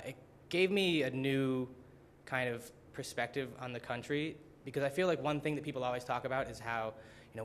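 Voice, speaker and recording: A young man presents at a student symposium in an earnest way, often reaching for "like" and "uh" as he goes. His voice sits at an ordinary middle pitch, and a faint low rumble runs under the recording. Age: young adult. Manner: earnest, many fillers like "like" and "uh".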